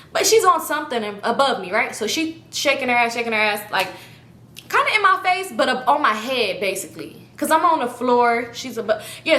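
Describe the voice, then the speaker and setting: Animated slangy woman telling a story. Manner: animated, swearing, slangy, jumps to high pitch. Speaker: storyteller vlogger. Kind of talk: casual storytime. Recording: echoey room with faint rumble.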